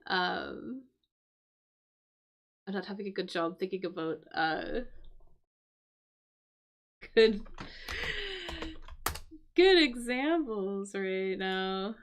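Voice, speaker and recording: A woman's voice: mid-range voice, very slow, pauses often. A woman teaching English on a live stream, thinking aloud and explaining words as she solves a crossword. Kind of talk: casual live-stream lesson.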